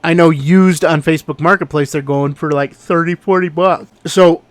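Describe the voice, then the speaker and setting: A man telling a story in a casual vlog, exasperated and animated as he recounts what happened. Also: fairly high pitch, normal speed, dry recording. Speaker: online reseller.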